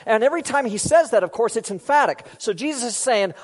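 A man preaching a sermon to a congregation, teaching with lively emphasis and dropping to hushed low tones. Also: fast, hardly any pauses. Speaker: pastor.

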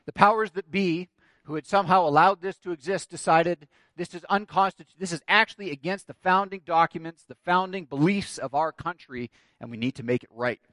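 A man's voice: high voice, fairly quick, pushed and bright, dry recording. A man preaching a sermon, telling a story and building to emphatic declarations. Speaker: pastor.

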